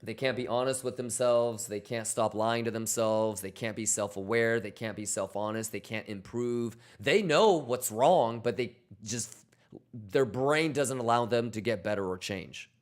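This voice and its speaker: A man's voice: mid-range voice, measured pace. A man hosting a trading livestream in casual chat. He talks bluntly and swears freely, coaching his viewers on discipline and reading their questions aloud. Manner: blunt, profane, motivational, reads chat aloud.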